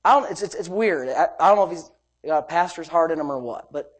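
A woman preaching a sermon, swinging between loud emphasis and hushed asides, telling homey stories with laughter. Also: sits low, expressive, fast, husky.

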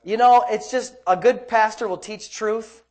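A man's voice: high-pitched, fairly even intonation, a little slow, a little mellow. A man preaching a sermon as pastor, fervent and exclaiming praise between verses.

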